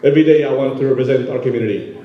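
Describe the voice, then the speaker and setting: A man from Yemen giving a halting, emotional award acceptance speech full of fillers at a gala. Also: medium pitch. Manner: halting, many fillers, moved. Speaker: award recipient. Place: large banquet hall. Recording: roomy hall, dull sound.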